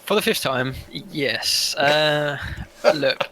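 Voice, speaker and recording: A man's voice: a little high, extremely slow, pushed and bright, low-quality recording. A man playing a tabletop game, talking in character in a playful, pushy, persuasive way. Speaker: player. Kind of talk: in-character tabletop role-play.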